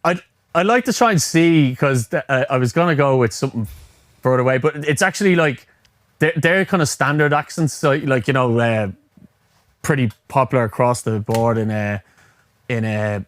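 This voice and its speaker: A man's voice: medium pitch, normal speed, no room sound, studio quality. A man co-hosting and judging a game, laid-back and rambling with chuckles. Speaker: co-host, judge of the game. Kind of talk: casual banter.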